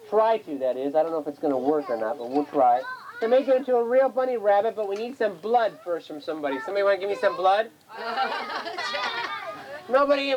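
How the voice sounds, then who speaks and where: A woman's voice: lowish voice, darkish tone, a little hiss or hum, low-quality recording. A woman performing a magic show at a children's birthday party, coaxing and singsong as she gets the kids to chant along, recorded on a 1980s home camcorder.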